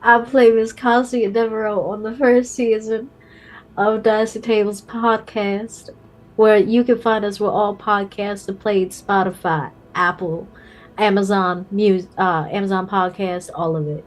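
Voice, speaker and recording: A woman player giving a quick, playful plug of her socials at the end of a game stream. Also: mid-range voice, little pitch movement.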